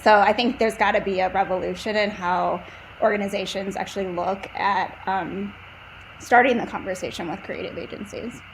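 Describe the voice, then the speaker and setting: A woman's voice: mid-range voice, steady tone, normal speed, gravelly, a little hiss or hum, low-quality recording. A woman from a marketing agency speaking as a podcast guest, thoughtful and rambling, with many fillers. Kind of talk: casual podcast interview.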